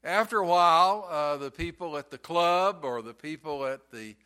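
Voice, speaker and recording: A male pastor preaching a sermon slowly and with emphasis, repeating key phrases. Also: on the high side, sharp tone, clean tone.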